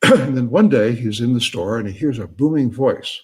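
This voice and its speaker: A man's voice: mid-range voice, animated, moderate pace, hardly any pauses, slightly rough. A man lecturing and telling a joke story, laughing at his own punchlines.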